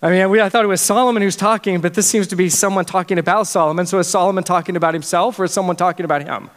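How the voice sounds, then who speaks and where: Male pastor with a high voice, earnest chatty preaching, long hall reverb. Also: fairly even intonation, rapid-fire. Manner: earnest, conversational preaching with frequent restarts. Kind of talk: sermon.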